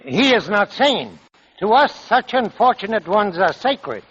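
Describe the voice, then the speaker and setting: A slow, courtly desert merchant. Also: male voice, high voice, big pitch swings, fairly bright tone, highs cut off, a little hiss or hum, exaggerated voice. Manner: slow, drawn-out, exotic and ceremonious. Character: courteous, generous male desert food merchant. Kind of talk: 1940s radio comedy acting.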